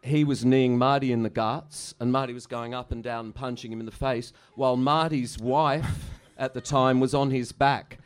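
A man's voice: medium pitch, fairly even intonation, moderate pace, hardly any pauses, smooth. A middle-aged musician telling rambling, profane stories in a casual interview, laughing at his own anecdotes. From Australia. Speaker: musician guest.

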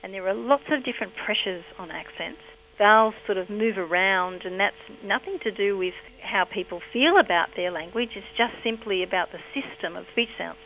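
A woman linguistics researcher explaining her work in a measured, explanatory way. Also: medium pitch, creaky. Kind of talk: expert interview. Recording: slightly muffled with faint hum.

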